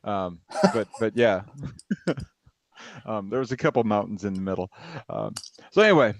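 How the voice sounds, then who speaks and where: A man's voice: lowish voice, animated, measured pace, no echo. A man, co-hosting a podcast, telling stories in a rambling way and laughing often. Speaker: podcast co-host. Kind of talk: casual storytelling chat.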